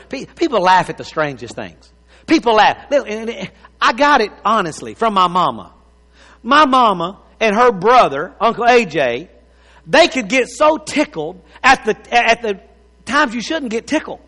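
A man's voice: high voice, sharp tone. A man preaching a sermon, in a folksy, playful way, laughing and joking with the congregation. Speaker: pastor. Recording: long hall reverb.

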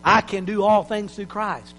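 A man preaching an impassioned sermon in a church, building to shouts. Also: high voice, fairly even intonation, normal speed, big-room sound, a little hiss or hum, low-quality recording.

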